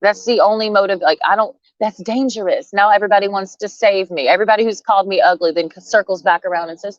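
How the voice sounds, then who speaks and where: A woman's voice: medium pitch, quick pace, few pauses, no room sound, lo-fi sound. A woman ranting bluntly and profanely in a rambling, casual way to camera. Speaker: vlogger.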